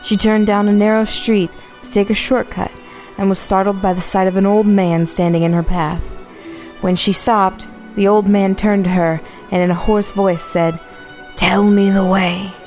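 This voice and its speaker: A woman's voice: medium pitch, flat delivery, moderate pace, darkish tone, faint music behind. A woman narrating a scary story on a comedy podcast, with a sarcastic turn at the end. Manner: spooky storyteller turning sarcastic.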